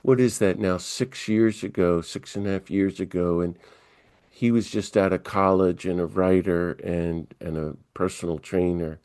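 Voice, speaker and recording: A man's voice: sits low, moderate pace, smooth, dry recording. A man, a priest, telling a story as an interview guest and acting out the dialogue with energy. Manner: animated storyteller who acts out dialogue. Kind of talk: conversational storytelling.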